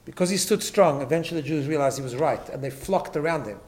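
Emphatic rabbi with a higher voice. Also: male voice, fast, darkish tone. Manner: emphatic, repeats words, tags lines with "right?". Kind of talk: Torah class talk.

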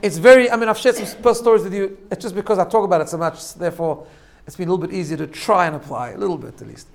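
A man speaks to a congregation in a loose, conversational sermon style. His voice sits a little higher than most men's, and he keeps checking in with his listeners and restarting his phrases. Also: rapid-fire, vocal fry. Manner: conversational, asks rhetorical "right?", self-corrects and restarts. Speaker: rabbi giving a talk.

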